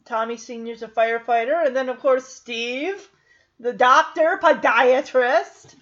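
A woman's voice: high voice, measured pace, a bit bright, dull audio. A woman casually recapping a sitcom episode, chatty and giggly, acting out the characters' lines. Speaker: recap host.

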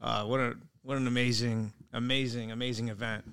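A man co-hosting a podcast in casual chat, telling stories in a relaxed way with chuckles. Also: mid-range voice, vocal fry, clean tone. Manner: rapid, relaxed storytelling with chuckles. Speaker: podcast co-host.

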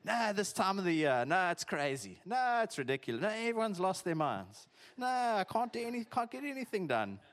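A man putting on a shrill frazzled overworked local. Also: sing-song, normal speed, hardly any pauses, a bit bright, exaggerated voice. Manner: exaggerated, shrill, breathless complaining.

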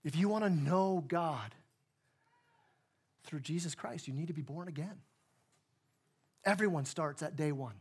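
A male pastor gives a conversational sermon in church, repeatedly acting out the story's people in different voices. His slightly high, husky voice has lively intonation, and he speaks unhurriedly with frequent pauses.

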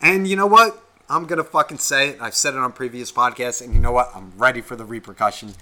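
A man's voice: mid-range voice, quick pace, pushed and bright. A young man co-hosting a podcast, ranting in a heated, rambling way and swearing constantly. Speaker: podcast co-host. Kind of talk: casual podcast rant.

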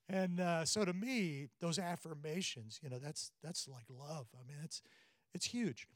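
A middle-aged man preaching a family seminar, his voice sitting a little high for a man. He tells stories and acts out the people in them. The sound is dry, with little room behind it. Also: normal speed, dry recording. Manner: storytelling, animated when quoting. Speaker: pastor. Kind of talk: sermon.

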